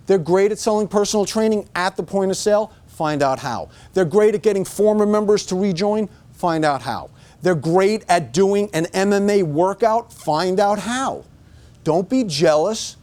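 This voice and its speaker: A man's voice: sits high, darkish tone. A middle-aged man giving a motivational talk to staff, emphatic and punching his points with repeated "okay?". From United States. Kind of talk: motivational speech. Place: room with a staff audience.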